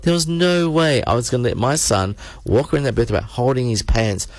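A man's voice: medium pitch, fairly quick, no room sound. A man, a radio host telling a rambling story in casual studio banter, full of restarts.

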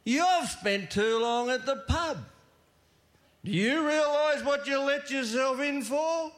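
A man's voice: very high-pitched, slow, voice pushed up, exaggerated voice. A man doing a scolding domineering wife. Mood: mocking scold. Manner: scolding, sharp.

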